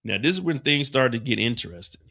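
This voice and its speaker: A man hosting a live stream, recapping a TV episode in a casual, profane, animated way. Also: mid-range voice, fast, creaky.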